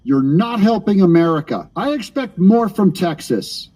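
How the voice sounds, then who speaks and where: Husky, ranting male streamer. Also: high-pitched, animated, moderate pace, few pauses, a little mellow. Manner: ranting, sarcastic, addresses chat directly. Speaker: live-stream political commentator. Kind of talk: casual live-stream commentary.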